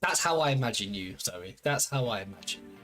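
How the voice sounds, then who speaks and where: A man's voice: lowish voice, expressive, a little fast, fairly bright tone, soft background music. A man streaming a game, chatting casually with viewers in a playful, teasing, rambling way full of fillers and restarts.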